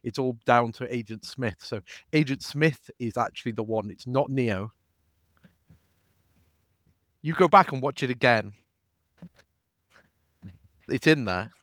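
A man co-hosting a casual livestream chat, relaxed and repeating points for emphasis. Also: medium pitch, a little slow, dry recording, studio quality.

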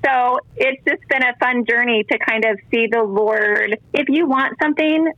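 A woman's voice: high voice, moderate pace, hardly any pauses, pushed and bright, lo-fi sound. A woman in her forties, a guest and mother of ten, talking earnestly about faith and motherhood with many restarts. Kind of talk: casual faith interview talk.

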